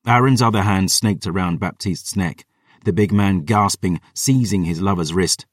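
A man's voice: low-pitched, moderate pace, no room sound, studio quality, far from the mic. A man narrating a first-person fantasy audiobook in a dramatic, intense manner.

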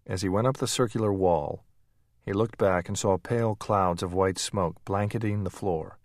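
Guy reading a thriller audiobook, lowish voice, bone-dry sound. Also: no echo. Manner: steady, measured reading. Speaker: narrator. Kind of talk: audiobook narration.

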